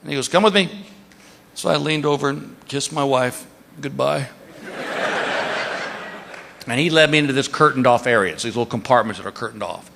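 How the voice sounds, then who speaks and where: A man's voice: mid-range voice, brisk, vocal fry, long pauses, slight background noise. A middle-aged man doing stand-up, telling a story and acting out the people in it. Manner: animated, acts out the people in his stories. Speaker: stand-up comedian. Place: theater stage before a crowd. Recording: live stage show in a big hall. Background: audience laughter.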